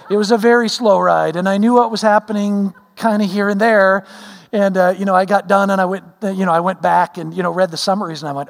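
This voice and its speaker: A man's voice: high-pitched, fairly quick, big-room sound. A middle-aged man, a pastor, preaching a sermon in a folksy, self-deprecating storytelling way, with many fillers. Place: church sanctuary.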